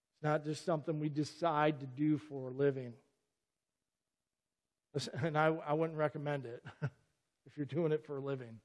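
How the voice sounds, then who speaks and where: A middle-aged man delivers an earnest sermon with a slightly higher pitch than most men. He presses his points emphatically and keeps calling his listeners back with "listen." His voice carries with a long reverb through a church sanctuary. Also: warm tone. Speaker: pastor.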